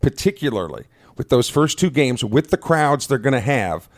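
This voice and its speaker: Man, radio co-host, easygoing, quick to react, studio mic. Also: mid-range voice, very animated. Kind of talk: casual radio chat.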